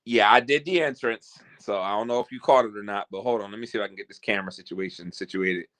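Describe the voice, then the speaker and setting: A man's voice: lowish voice, quick pace, fairly bright tone. A man hosting his own vlog, rambling and joking with theatrical announcer-style openings. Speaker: host. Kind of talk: casual vlog chat.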